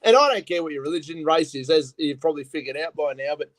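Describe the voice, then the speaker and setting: A man with an Australian accent, rough around the edges, telling stories in casual chat and swearing often. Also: a little high, animated, fast, no echo. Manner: rough, profane, storytelling.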